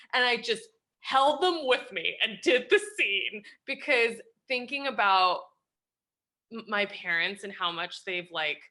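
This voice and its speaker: Bright, animated woman telling stories. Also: mid-range voice. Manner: animated, laughs often, acts out quoted people. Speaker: guest, actress and comedian. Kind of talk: casual anecdote telling.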